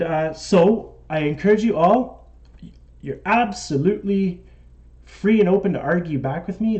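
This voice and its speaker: A man's voice: fairly high pitch, darkish tone. A man with a Canadian accent hosting a casual live stream, chatting and reading out viewer comments. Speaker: model railroad live-stream host.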